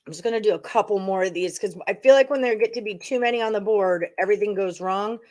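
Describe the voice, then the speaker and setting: With a mid-range, darkish voice and a quick pace, a woman hosts a sports betting livestream. She keeps it casual, thinking aloud to her audience while she goes over her picks.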